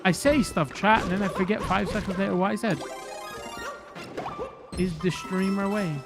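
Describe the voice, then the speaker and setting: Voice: medium pitch, normal speed. Rambling streamer, game music behind. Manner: rambling, chatty, self-correcting, jumpy bursts of excitement. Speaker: live streamer. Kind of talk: casual live-stream chat while gaming.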